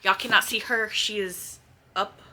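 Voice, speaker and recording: Unhurried and fairly even in intonation, her medium-pitched voice comes across bright and forceful. She's a book vlogger chatting casually and rambling by her bookshelves at home, facing a front camera and swearing from time to time.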